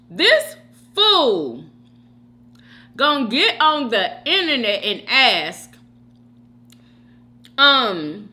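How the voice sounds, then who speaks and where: Animated, bright-voiced woman chatting while eating. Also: medium pitch, measured pace, long pauses. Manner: chatty, addresses viewers as y'all and girl. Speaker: mukbang vlogger. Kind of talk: casual gossip chat while eating.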